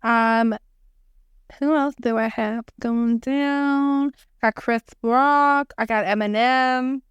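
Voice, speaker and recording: Bright-voiced woman, casual podcast chat. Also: on the high side, fairly even intonation, slow pace, smooth, no room sound, dull audio. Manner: reads list items aloud, playful and chatty. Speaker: podcast co-host.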